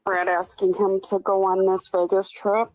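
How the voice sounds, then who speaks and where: A woman co-hosting commentary, explaining things in a measured way. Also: mid-range voice, level tone, dry recording, poor audio. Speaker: commentary co-host. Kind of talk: casual commentary chat.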